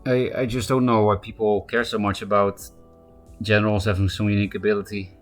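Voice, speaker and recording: Guy streaming, kinda low voice, rambly, um uh a lot, quiet music in the back. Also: level tone, fairly quick. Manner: rambling, thinking aloud with fillers. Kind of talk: casual live-stream commentary.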